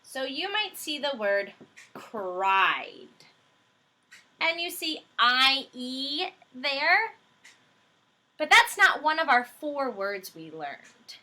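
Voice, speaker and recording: A woman teaching a phonics lesson to young children, slow and patient as she explains each rule step by step. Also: sits high, very animated, sharp tone.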